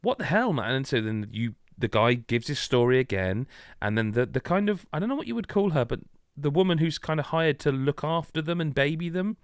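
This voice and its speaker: A British man hosting a casual podcast, retelling a game story with animated energy and laughing asides. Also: fairly high pitch, fairly quick, few pauses, smooth, no echo, clean studio sound. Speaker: podcast host. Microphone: remote video call.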